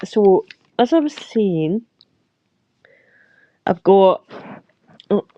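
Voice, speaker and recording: A woman's voice: mid-range voice, expressive, very slow, dark tone. A middle-aged Scottish woman hosting a casual livestream chat, rambling with lots of fillers and frequent laughs. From Scotland. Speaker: livestream host. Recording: dull lo-fi sound.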